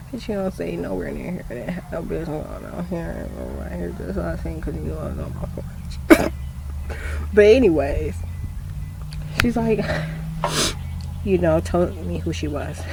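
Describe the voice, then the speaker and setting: A woman telling a rambling, animated story on her porch, laughing and cursing as she goes. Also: fairly low pitch, measured pace, creaky, pauses often, noisy background. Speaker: vlogger. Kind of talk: rambling casual monologue.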